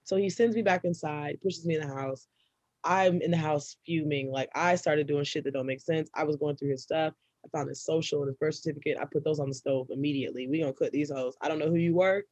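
A young woman, a podcast co-host, telling a personal story in casual, profane chat and breaking into loud, laughing outbursts. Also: low voice, steady tone, brisk, dry recording.

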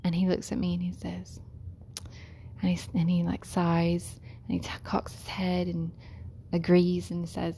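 A woman's voice: on the low side, completely flat delivery, measured pace, vocal fry, a little hiss or hum. Chatty woman telling a story. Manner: chatty, laughs often, drops into soft whispery asides. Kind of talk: casual storytelling.

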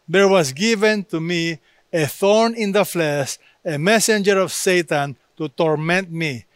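A man preaching a sermon, slow and emphatic, with dramatic pauses between phrases. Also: sits high, a bit bright, dry recording. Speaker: pastor.

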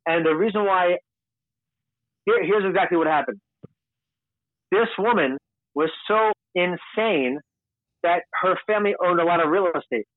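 Guy from long island rambling thru a story, kinda high voice, sounds like a phone line, dry. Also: measured pace, pauses often, no room sound. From Long Island, New York. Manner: candid, rambling. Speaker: podcast guest. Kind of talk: casual storytelling.

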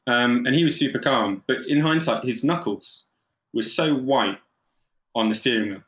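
Lively man telling stories. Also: medium pitch, moderate pace. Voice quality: animated, lots of fillers and mimicry. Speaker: photographer, podcast guest. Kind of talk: casual anecdotal storytelling. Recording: roomy echo.

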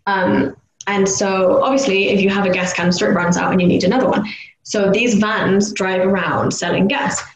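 A young woman from the UK chats casually as a podcast co-host, her voice sitting at an ordinary middle pitch. She gets animated, loudly imitating street noises and jingles. The recording sounds echoey, with a faint hiss of background noise. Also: moderate pace. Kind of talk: casual chat.

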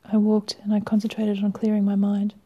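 A woman reading a first-person story aloud in a wry, measured way, sometimes dropping to a hush. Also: mid-range voice, monotone, husky, dull audio. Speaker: reader.

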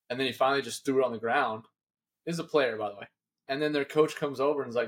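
A young coach co-hosts a podcast in casual chat. He talks fast with a husky edge to his voice. He tells animated stories and acts out the lines people said. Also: mid-range voice. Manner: animated storytelling, acts out quotes. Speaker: high school football coach, podcast co-host.

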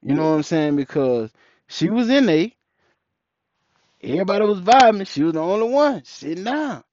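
A young man telling a story casually, animated and profane, acting out the people in it. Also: sits high, moderate pace, dry recording. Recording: dull, muffled, dry recording.

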